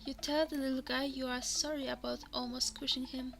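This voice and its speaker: Woman narrator for a fantasy text game, high voice, second-person reading, music bed underneath. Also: flat delivery, fairly quick, vocal fry, fairly bright tone. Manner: reads in second person, sometimes drops to a whisper. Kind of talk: reading a text adventure aloud. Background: background music.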